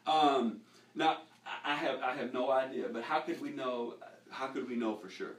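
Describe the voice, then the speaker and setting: A middle-aged man leading a casual Bible lesson in a living room, animated and stumbling on repeated words as he starts sentences. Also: mid-range voice, normal speed. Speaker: Bible study teacher. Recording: echoey room, voice from far off.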